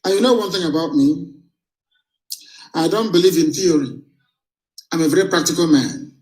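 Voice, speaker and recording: A man's voice: fairly high pitch, normal speed, a little mellow. A man giving a fiery, defiant broadcast address as a movement leader. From southeastern Nigeria. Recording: roomy echo.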